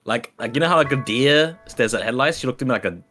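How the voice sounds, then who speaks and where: A young Australian man, a nurse, chatting while gaming and telling animated stories with lots of laughter. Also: medium pitch, quick pace, faint music behind. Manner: animated storyteller, laughs often, voices quoted people. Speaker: nurse, guest player. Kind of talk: casual gaming chat storytelling.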